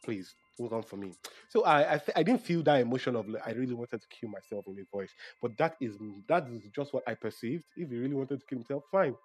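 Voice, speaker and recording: A man's voice: mid-range voice, expressive, fast talker, a little mellow, slightly rough. A young Nigerian man talking casually in a solo monologue, emotional and often correcting himself mid-sentence. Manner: chatty, self-correcting, emotional.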